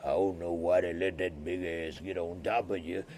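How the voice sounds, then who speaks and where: A man doing a deep, teasing stammerer. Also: steady tone, moderate pace, a little mellow, slight background noise, lightly acted. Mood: mocking.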